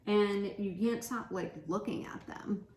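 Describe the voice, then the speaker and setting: A woman's voice: medium pitch, steady tone, a little slow, darkish tone. A woman giving a casual pick-a-card tarot reading, chatty and giggly, laughing often. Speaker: tarot reader. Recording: echoey room with faint noise.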